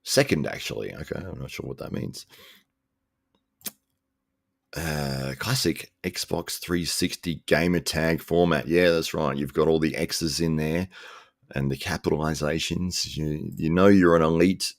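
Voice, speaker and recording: A man hosting a casual live stream, chatting in a relaxed, rambling way and chuckling often. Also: rumbling low, moderate pace, dry recording. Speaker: live show host reading chat.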